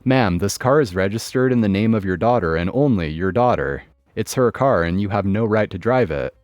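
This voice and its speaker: Polite calm cop, formal and measured, voiced by a man with lively pitch. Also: no room sound, clean studio sound, faint music behind, close to an everyday voice. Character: calm polite male police officer.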